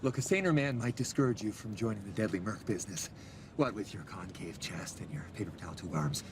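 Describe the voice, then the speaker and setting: An actor playing a wisecracking mercenary, noisy clip. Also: male voice, lowish voice, lightly acted. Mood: mock-inspiring. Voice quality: sardonic, rapid-fire delivery. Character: wisecracking male mercenary giving a mocking pep talk. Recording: noisy film clip with clicks.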